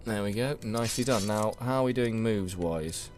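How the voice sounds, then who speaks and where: A man's voice: fairly low pitch, moderate pace, a little mellow, a little hiss or hum. A man commentating his own gameplay live, chatty and wry, talking to his viewers while tired and yawning late at night. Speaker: game streamer.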